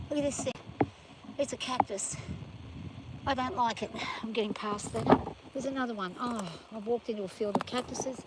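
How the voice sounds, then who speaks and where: A woman in the middle of a walk outdoors, drained and overheated, talking herself through her nerves in a casual, rambling way. Her pitch sits in an ordinary middle range. Loud outdoor noise runs constantly under her voice. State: exhausted and overheated. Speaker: farm vlogger. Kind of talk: casual self-filmed chat while walking. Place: outdoors on hot rough ground.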